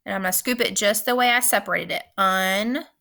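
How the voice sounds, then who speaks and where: A woman teacher giving a recorded phonics lesson, speaking slowly and clearly and repeating each word for young learners. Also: medium pitch, sharp tone. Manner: slow, clear instructional pacing with repeated words.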